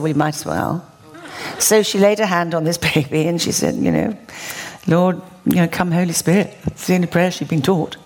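Woman preacher, slightly low voice, animated storytelling, wry humor. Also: a little hiss or hum. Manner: animated, wry, builds to exclamations. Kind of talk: sermon storytelling.

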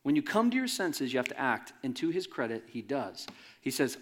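Male pastor, conversational sermon delivery, big pitch swings, jokes with the congregation. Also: expressive, normal speed. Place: church in front of a congregation.

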